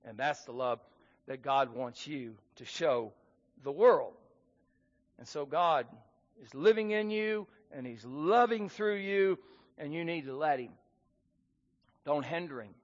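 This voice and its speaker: A man preaching a sermon in an earnest manner, reading scripture aloud with rising emphasis. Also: a little high. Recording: muffled sound in a hall with long reverb.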